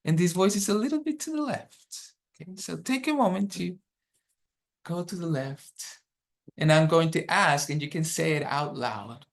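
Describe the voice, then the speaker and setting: A man's voice: on the high side, expressive, vocal fry. A man teaching a dharma workshop over a video call, guiding the group through an exercise and checking in often. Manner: unhurried, checks in often with "okay?".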